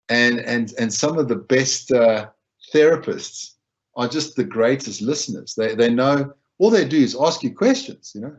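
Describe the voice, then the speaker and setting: At a moderate pace and medium pitch, a man gives a conversational wellbeing talk about being there for others. He often says things twice and plays out what people said, and the recording is muffled.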